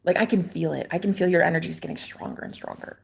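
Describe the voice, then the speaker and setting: Gushing young woman with a gravelly voice. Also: lowish voice, quick pace. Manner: gushing, excitable, swings from loud exclamations to hushed whispers. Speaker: livestreamer. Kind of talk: casual livestream chat. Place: outdoors in a backyard.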